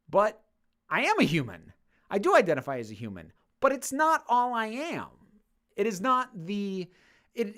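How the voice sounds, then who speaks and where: Woman vlogger on a rant, voice swoops up and down a lot, gets heated and swears. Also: medium pitch. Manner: impassioned, grows worked up, swears freely. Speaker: video essayist answering viewer questions. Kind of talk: casual Q&A monologue.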